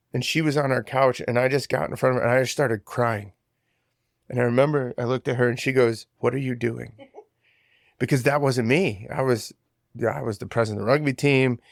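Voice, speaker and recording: A man's voice: medium pitch, no room sound, studio quality. A man in his twenties giving an earnest, emotional personal testimony as a podcast guest, with frequent fillers. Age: 20s.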